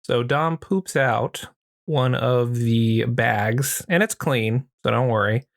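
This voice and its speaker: A man casually recapping a horror film as a podcast host, joking and crude, tossing in quick put-on voices. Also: mid-range voice, creaky, no echo, studio quality. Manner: crude, joking retelling with acted quotes.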